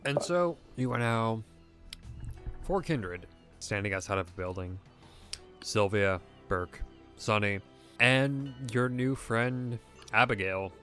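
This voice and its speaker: Slow, low-voiced male game master. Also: expressive, fairly bright tone, soft background music. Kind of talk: narrating a tabletop game.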